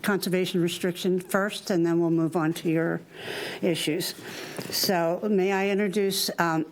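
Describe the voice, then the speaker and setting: A woman's voice: on the low side, steady tone, a little hiss or hum, low-quality recording. Breathless woman chairing a town meeting. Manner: halting, with many fillers. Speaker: committee chair.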